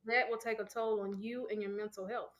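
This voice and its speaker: A woman's voice: mid-range voice, flat delivery, fairly quick. A woman co-hosting a podcast in casual chat, earnest and giving advice. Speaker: podcast co-host.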